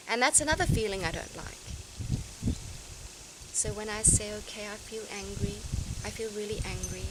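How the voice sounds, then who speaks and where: A woman talks through her feelings in an earnest, searching way, often pausing and restarting as she reflects aloud. Her voice sits at an ordinary middle pitch. Clear outdoor noise is heard behind her, as if she is recording outside. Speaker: vlogger. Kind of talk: reflective personal talk to camera.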